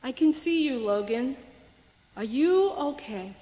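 A woman voicing God as a calm, patient male figure who speaks reassuringly. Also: sits high, a little slow. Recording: echoey hall, slightly dull sound.

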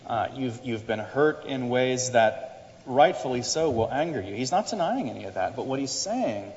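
A middle-aged man preaches in a relaxed, conversational style, circling back and restarting his phrases as he explains. His voice sits in an ordinary middle register. It rings with a long reverb from a large church, and the recording sounds a little dull. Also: medium pitch, moderate pace. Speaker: pastor. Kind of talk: sermon.

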